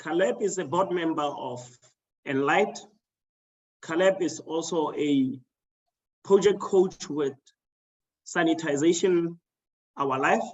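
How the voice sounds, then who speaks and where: A man moderates an online panel over a video call, speaking in a measured, formal way. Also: a little high, dull audio.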